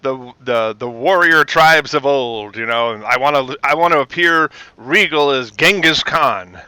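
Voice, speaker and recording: A man's voice: medium pitch, pushed and bright, clean tone, dry recording. A man doing a grandiose, pompous stage actor. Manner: slow, declaiming. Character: grandiose theatrical male actor, regal and pompous.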